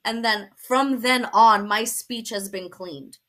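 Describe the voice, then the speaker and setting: A young woman from Brooklyn, telling her conversion story as a guest, animated and laughing often. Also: on the high side, slow. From Brooklyn, New York. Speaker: guest sharing testimony. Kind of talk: personal testimony in a talk show.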